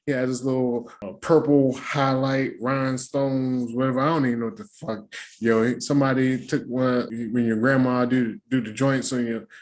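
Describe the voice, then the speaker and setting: A man's voice: medium pitch, moderate pace. Slangy, laughing male reaction host. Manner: slangy and animated, with frequent laughs and playful quoted impressions. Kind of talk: casual profane recap commentary.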